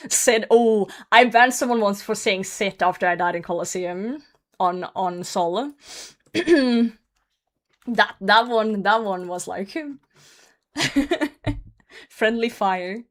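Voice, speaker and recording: A woman's voice: mid-range voice, animated, takes it slowly, long pauses, fairly bright tone. A woman streaming a game, chatting casually with her chat, teasing viewers, laughing often and swearing freely. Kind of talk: casual livestream chat while gaming.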